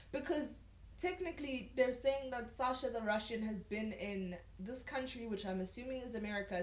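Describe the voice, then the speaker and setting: A young woman reading old fan fiction aloud with sarcastic, incredulous asides, in an echoey room. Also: a little high. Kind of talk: mocking dramatic reading.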